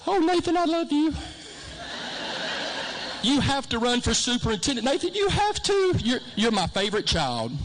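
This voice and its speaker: A woman's voice: sits high, big pitch swings, moderate pace, long pauses, noisy background, pitched above the performer's own voice. A man voicing his elderly mother, a tearful, insistent woman who repeats her orders. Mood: doting. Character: tearful elderly mother, scolding then doting.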